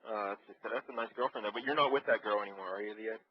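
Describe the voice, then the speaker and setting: A man's voice: fairly low pitch, fast talker, breathy edge. A man hosting a radio show, casually egging a caller on and laughing along. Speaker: radio host. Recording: dull radio broadcast audio.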